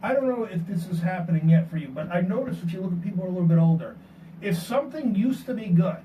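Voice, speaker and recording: Guy with a high voice telling a story to his buddies, sounds far off and noisy. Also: fast talker, lo-fi sound. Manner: animated storytelling, rhetorical questions. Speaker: podcast host. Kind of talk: casual group discussion. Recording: noisy, distant room mic.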